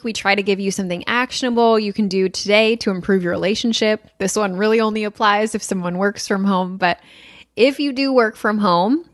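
A woman co-hosting a relationship podcast in casual chat, upbeat and practical as she gives clear advice. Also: medium pitch, no room sound, clean studio sound. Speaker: podcast co-host.

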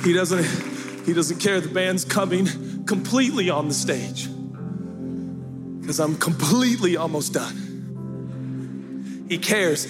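A man preaching a sermon to a church, impassioned, swinging between hushed talk and shouting with a sing-song cadence. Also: high-pitched, slow pace, pauses often. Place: church sanctuary. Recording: echoey hall with music behind.

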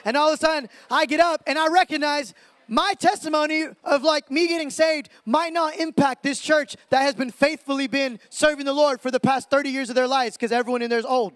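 A man speaking on stage to a crowd at a ministry event, hyped and preachy, firing off quick asides. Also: extremely high pitch, steady tone, fairly bright tone, no echo. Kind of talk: energetic stage talk to a crowd.

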